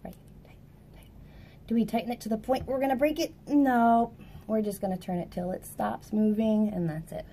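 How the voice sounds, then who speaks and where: A young woman, a music teacher, giving a casual clarinet tutorial indoors at a table, chatty and quick to correct herself. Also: a little high, steady tone, dark tone, a little hiss or hum.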